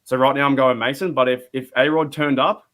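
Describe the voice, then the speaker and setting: A man's voice: mid-range voice, fairly even intonation, brisk, fairly bright tone. A man with an Australian accent calling in to a sports show, talking animatedly with frequent restarts. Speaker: caller. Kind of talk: casual sports call-in chat.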